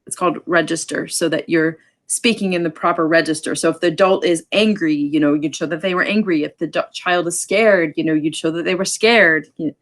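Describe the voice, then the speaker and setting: Low-voiced woman teaching a class. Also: steady tone. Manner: explains with many ums and quick asides. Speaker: sign language teacher. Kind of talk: casual online class lecture.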